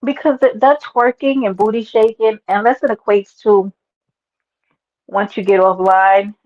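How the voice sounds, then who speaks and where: A woman hosting a casual livestream, talking loudly and lively to her chat, calling viewers by name and swearing freely. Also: mid-range voice, a little slow, lo-fi sound. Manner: loud, animated, talks to chat by name, swears. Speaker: livestream host.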